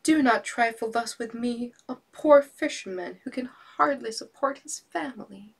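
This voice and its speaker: A woman's voice: mid-range voice, big pitch swings, moderate pace, breathy edge, far from the mic. A woman doing a poor pleading fisherman. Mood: despairing. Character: poor, frightened male fisherman.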